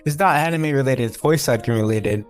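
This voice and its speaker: A man's voice: mid-range voice, brisk. Man, podcast guest, rambling storyteller, faint music underneath. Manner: rambling storyteller with many fillers and restarts. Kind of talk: casual podcast chat.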